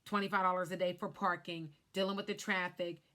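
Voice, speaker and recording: A woman in her thirties, a life insurance agent, telling her story to camera in an animated way while glancing at cue cards. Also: fairly low pitch, fairly quick. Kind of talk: casual talk to camera.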